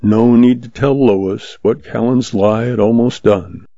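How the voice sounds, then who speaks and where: A man narrating pulp western stories in a steady, measured reading. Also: medium pitch, no echo. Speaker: story reader, host. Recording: dull lo-fi, dry.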